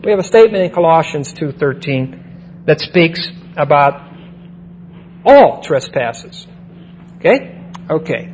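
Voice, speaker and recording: A man's voice: on the high side, lively intonation, unhurried, pauses often, a little hiss or hum, rough recording. A man teaching a Bible lesson in a sermon style, who often repeats key phrases and checks in with his listeners.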